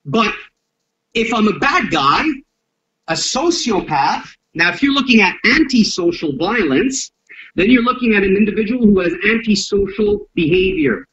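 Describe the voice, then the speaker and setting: A man's voice: high-pitched, sing-song, normal speed, fairly bright tone, a little hiss or hum. A man speaking as a self-defense instructor in an interview, blunt and profane, acting out street confrontations as he explains violence. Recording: dull lo-fi audio.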